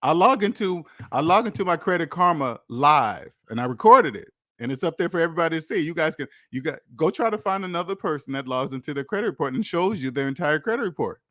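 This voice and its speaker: A man's voice: fairly high pitch, lively intonation, fast talker, few pauses, fairly bright tone, no room sound, studio quality. An American man in his forties hosting a casual livestream about finances, telling stories in a rambling way full of restarts. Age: 40s. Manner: rambling storytelling with many restarts. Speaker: host of a debt-free finance livestream.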